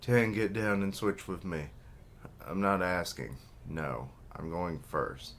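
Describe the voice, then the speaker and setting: Dude reading a bossy big-brother archer, deep and slow. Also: male voice, fairly bright tone, a little hiss or hum. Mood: resolute. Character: young male archer, resolute older brother.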